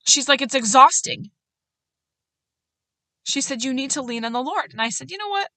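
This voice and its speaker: A woman host telling a personal faith story in an earnest way, getting animated when she quotes others and laughing at herself. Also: sits high, moderate pace, no echo. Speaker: podcast host.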